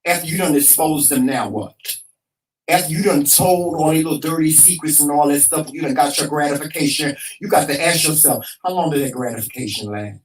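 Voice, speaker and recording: A man co-hosting a talk show, frustrated and emphatic, hammering the same points with a preacher-like cadence. His voice sits slightly high, and he sounds a step back from the microphone. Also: a little fast, recorded from a distance, poor audio. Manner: emphatic, repetitive, swears freely, preacher-like cadence. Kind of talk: heated casual talk show rant.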